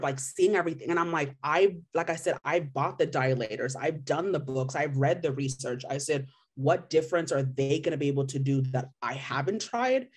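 A young woman in her twenties from Missouri, giving a candid, emotional personal testimonial full of "like" fillers. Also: low voice. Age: 20s. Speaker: patient sharing her story.

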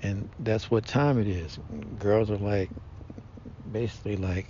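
A man holds forth in a slow, rambling monologue, stumbling over fillers and slang. His voice sits low and mellow. The recording is dull and lo-fi, with a faint rumble underneath. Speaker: podcast host. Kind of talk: casual monologue.

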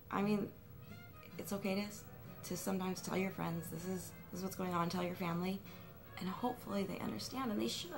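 A young woman rambles to her camera at home, half joking at her own expense. Her voice keeps a gravelly fry at the ends of phrases. Music plays in the room behind her. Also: on the low side. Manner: rambling, self-mocking, full of fillers and restarts. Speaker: vlogger. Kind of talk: rambling confessional vlog.

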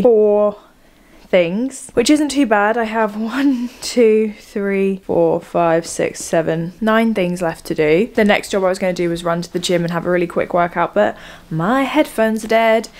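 A young woman from England, chatting casually to her camera at home, self-deprecating and quick to laugh. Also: mid-range voice. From southern England. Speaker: vlogger. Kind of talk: casual vlog chat to camera. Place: at home, indoors.

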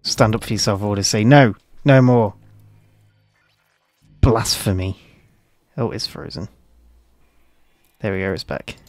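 A man's voice: lowish voice, unhurried, long pauses, darkish tone, no room sound, faint music behind. A man casually commenting on his gameplay, joking and swearing at a desk microphone. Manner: joking, swearing, reacting freely. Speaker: streamer.

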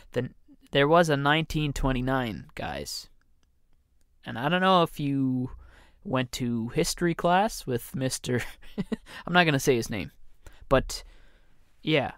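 A man hosting a solo comedy podcast, rambling at an unhurried pace and poking fun at himself. He speaks close to a studio microphone in a dry, dead room with no echo. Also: medium pitch, a bit bright. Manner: meandering, self-deprecating, jokey. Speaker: podcast host. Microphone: studio condenser mic.

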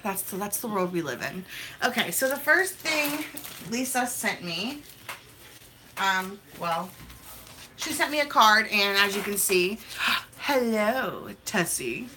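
A woman's voice: medium pitch, animated, slow pace, long pauses, noisy background. A young woman vlogging as she opens mail, talking in a hyper, chatty, gushing way. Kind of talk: casual mail-opening vlog.

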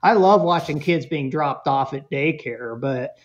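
A man speaking as a parenting expert guest in a casual interview, telling animated, humorous stories. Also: on the high side, unhurried, lo-fi sound.

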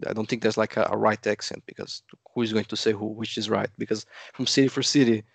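A man from Brazil, a native Portuguese speaker, chatting as an interview guest with a lively storytelling manner that acts out quotes. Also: on the low side, fast talker, vocal fry, husky, dry recording. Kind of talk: casual interview chat.

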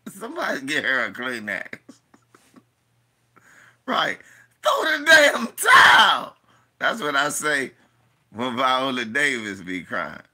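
A man hosting casual reaction commentary, loud, crude and joking, often breaking into laughter. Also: medium pitch, sing-song, takes it slowly, long pauses. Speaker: host.

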